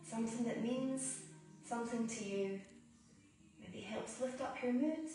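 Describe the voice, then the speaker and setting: A woman guiding a yoga and breathing practice, speaking slowly and soothingly with long pauses between cues. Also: fairly high pitch, faint music behind. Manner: slow, calm, soothing guidance with long pauses. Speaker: yoga teacher. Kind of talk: guided yoga and breathing instruction. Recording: roomy echo, voice from a distance.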